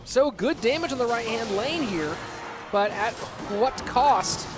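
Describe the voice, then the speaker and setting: Man, high voice, esports caster, chatty, reads chat, loud music behind. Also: normal speed. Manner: chatty, reads and answers chat between excited play calls. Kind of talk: solo live esports commentary with chat reading.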